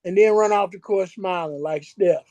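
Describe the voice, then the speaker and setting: A man's voice: sits high, moderate pace, a little mellow, no room sound. A man co-hosting a casual sports podcast, talking bluntly and emphatically in slang. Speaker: podcast co-host. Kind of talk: casual chat. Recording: slightly dull lo-fi audio.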